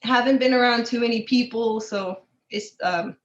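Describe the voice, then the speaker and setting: A woman who is a guest on a podcast, talking in a calm, reflective way. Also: on the high side, moderate pace, highs cut off. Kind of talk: casual interview conversation.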